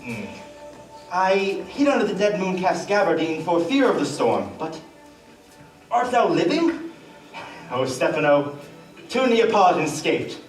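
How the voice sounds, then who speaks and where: A man playing a jittery, mocking jester on stage, excitable and giggly, recorded from far off in an echoey hall. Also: high voice, measured pace, long pauses. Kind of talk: live stage acting. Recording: echoey, distant stage mic with music.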